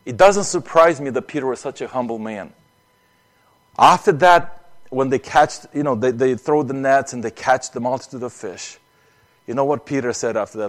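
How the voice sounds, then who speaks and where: A man's voice: medium pitch, normal speed. A man preaching an earnest sermon, often acting out prayers and repeating words as he speaks.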